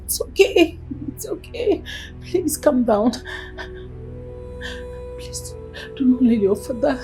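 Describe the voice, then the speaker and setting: A woman's voice: sits high, lively intonation, over music. An actress with a Nigerian accent playing an ashamed middle-aged mother who begs her daughter tearfully, in a film scene. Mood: pleading. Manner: slow, begging and tearful. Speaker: mother caught in an affair. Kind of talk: Nollywood film acting.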